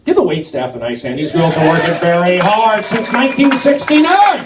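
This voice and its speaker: A man's voice: sits high, lively intonation, normal speed, few pauses. Rambling man doing live stand-up. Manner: rambling and jumpy, swinging from mumbled asides to shouted outbursts. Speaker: stand-up comedian. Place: comedy club stage. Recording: roomy, distant club recording with noise. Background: audience laughter.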